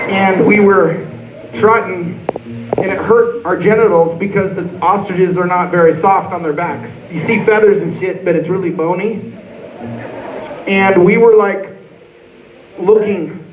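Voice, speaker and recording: Onstage at a large concert hall, a rock band frontman rambles through profane, joking stories between songs. His voice sits high, the background is noisy, and the audience recording sounds echoey and distant.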